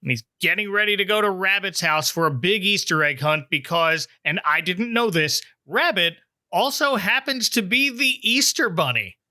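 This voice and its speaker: A man's voice: high-pitched, animated, moderate pace, pushed and bright, no room sound, studio quality. A man hosting a podcast, recapping a cartoon special with informative asides and frequent chuckles. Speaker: podcast host.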